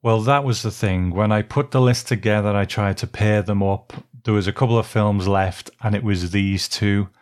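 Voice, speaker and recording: A man co-hosting a film podcast, easygoing and quick to laugh as he recaps a film's plot. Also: fairly low pitch, fairly even intonation, darkish tone. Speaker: podcast co-host. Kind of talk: casual chat and reading a plot summary.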